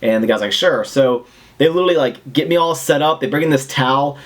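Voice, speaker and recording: A young man casually telling a rambling, animated story to the camera at home. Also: medium pitch, brisk. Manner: animated, rambling, acts out other people's lines. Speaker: fitness vlogger.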